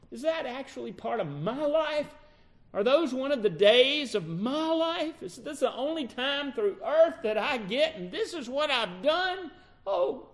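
A man acts out a broken-hearted apostle, an adult man pleading aloud over his own failure in a sermon retelling. The voice rides high and climbs as the anguish builds, with slow, drawn-out lines. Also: full character voice. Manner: anguished, pleading self-reproach. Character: grieving remorseful adult male apostle.

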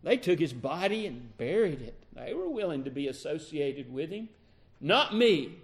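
A man's voice: fairly high pitch, sing-song, normal speed. A male preacher voicing a grieving, remorseful apostle who pours out anguished self-reproach in a sermon.

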